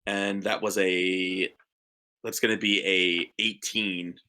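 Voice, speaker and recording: Excitable man with a bright voice. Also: deep voice, takes it slowly. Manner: excitable, repeats himself. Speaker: player. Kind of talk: tabletop role-play chat.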